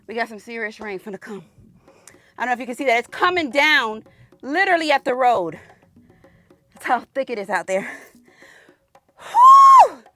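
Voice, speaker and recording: Fairly high-pitched, animated and fairly quick, her bright-ish voice breaks into long pauses over soft background music. The firearms host chats and exclaims through a casual outdoor range vlog, calling viewers "y'all," a bit breathless from the humid heat.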